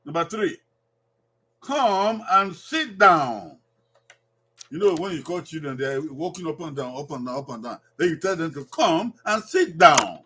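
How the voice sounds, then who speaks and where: Man teaching phrases with a slightly high voice. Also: animated, brisk, hardly any pauses, fairly bright tone, slight background noise. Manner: drills phrases, asks learners to repeat. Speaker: Edo language teacher. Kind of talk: language lesson. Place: evening cultural gathering.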